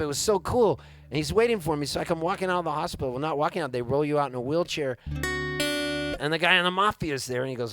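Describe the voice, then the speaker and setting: A man telling an animated, self-mocking story between songs, live on stage in a music club. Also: on the high side. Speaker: singer-songwriter on stage. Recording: live club mic with guitar. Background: guitar playing.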